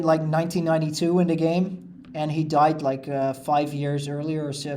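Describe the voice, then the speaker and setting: A man's voice: fairly high pitch, dark tone, slight background noise. A man giving casual, rambling commentary over a video game playthrough, filling his sentences with "like" and "uh". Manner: rambling, lots of "like" and "uh" fillers. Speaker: let's play host.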